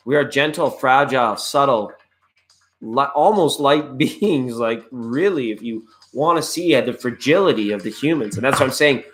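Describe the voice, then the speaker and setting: A man's voice: on the high side, fairly bright tone. A man hosting a live online tarot reading, chatting in a laid-back, rambling way and greeting viewers by name. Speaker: tarot reader and live show host.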